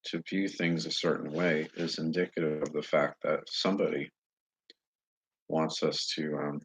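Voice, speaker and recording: A man talking straight to his viewers in a casual monologue, earnest and halting as he searches for words. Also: rumbling low, level tone, breathy edge, dry recording. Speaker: vlogger addressing viewers. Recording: dull lo-fi recording.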